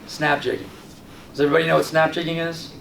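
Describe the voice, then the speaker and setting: Brief: gravelly, fairly high-voiced male fishing host telling animated stories, recorded roomy and far off. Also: fast. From Long Island, New York. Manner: animated storyteller, acts out his own past reactions. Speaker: fishing guide and show host. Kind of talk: casual fishing tips talk. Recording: roomy, distant mic with light background noise.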